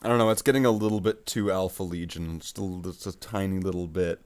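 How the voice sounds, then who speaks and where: Halting man hosting a hobby stream. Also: deep voice, fairly even intonation, a little mellow. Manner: halting, repeats words. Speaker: host of a miniature painting stream. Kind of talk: casual stream chat while painting.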